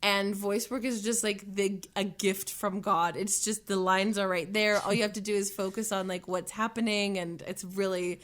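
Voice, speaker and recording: A woman's voice: mid-range voice, fairly even intonation, normal speed, few pauses, a bit bright. A woman chatting casually as a guest in a radio studio, rambling with lots of fillers, after singing live. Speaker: singer and guest. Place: radio station studio lounge.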